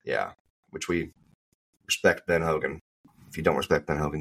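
A man's voice: extremely low pitch, moderate pace, gravelly, fairly bright tone. A man co-hosting a podcast, talking casually and with strong opinions, often restarting his sentences. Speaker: podcast co-host. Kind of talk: casual chat.

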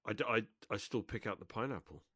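A man co-hosting a podcast in casual chat, mock-ranting with animated emphasis. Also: fairly low pitch, quick pace, husky, no room sound, clean studio sound.

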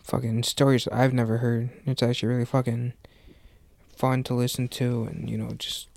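A man's voice: medium pitch, little pitch movement, normal speed, creaky, a little mellow, no echo, studio quality. A young man hosting a podcast, reacting with laid-back, profane banter in casual chat. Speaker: podcast host.

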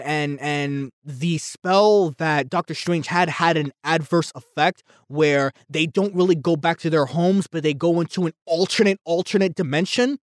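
A man's voice: high voice, no echo, clean studio sound. A man ranting casually about a movie, heated and rambling, with frequent stumbles and restarts. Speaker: movie reviewer.

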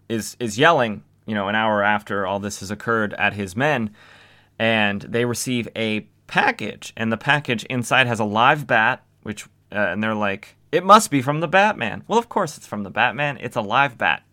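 A man's voice: on the low side, a little slow, sharp tone. A young man casually recapping old comics as a podcast host, with wry, sarcastic asides.

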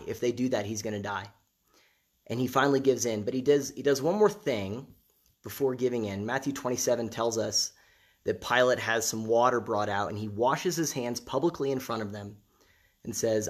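A man preaching a sermon in a conversational way, repeating phrases for emphasis. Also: mid-range voice.

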